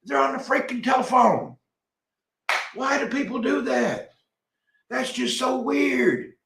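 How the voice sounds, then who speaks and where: A man's voice: extremely high pitch, lively intonation, slow, gravelly, noisy background. Man in his middle years, folksy livestream host, loose rambling delivery, roomy sound. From Tennessee, USA. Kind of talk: casual live chat reading comments.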